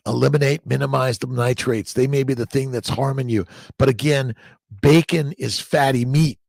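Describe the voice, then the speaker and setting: A man's voice: medium pitch, animated, moderate pace, vocal fry, no room sound, studio quality. A man hosting a casual livestream, reading out viewer comments and greeting them in a rambling, upbeat way. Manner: rambling, upbeat, repeats catchphrases and restarts words. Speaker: livestream host.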